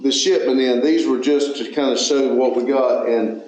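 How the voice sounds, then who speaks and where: A man's voice: medium pitch, fairly even intonation, a little mellow. Man chatting in a very echoey garage. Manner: rambling, halting restarts. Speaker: channel host. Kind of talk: casual chat. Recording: very echoey, dull lo-fi room.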